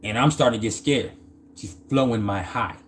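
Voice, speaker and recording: A man's voice: medium pitch, moderate pace, a little hiss or hum. A man casually telling a personal story in loose, profane slang, often stammering and restarting his sentences.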